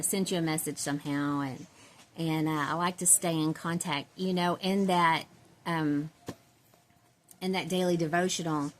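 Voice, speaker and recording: Woman vlogger, lowish voice, rambling casual chat with frequent laughs. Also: slight background noise. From Central Texas. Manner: rambling, chatty, laughs often, self-described country girl. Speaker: doll-collecting vlogger.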